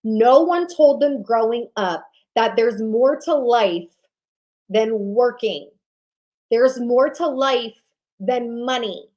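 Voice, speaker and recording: A woman's voice: slow, poor audio. Fired-up woman hosting a motivational livestream. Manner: fired-up, emphatic, repeats lines for emphasis; swings between loud punches and low, intimate drops. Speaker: online business coach hosting a summit. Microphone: livestream webcam mic.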